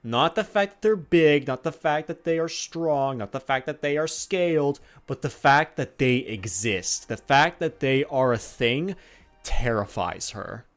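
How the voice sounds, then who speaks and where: A man's voice: medium pitch, expressive, unhurried, faint music behind. A man narrating as game master of a tabletop game, rambling with many fillers and restarts.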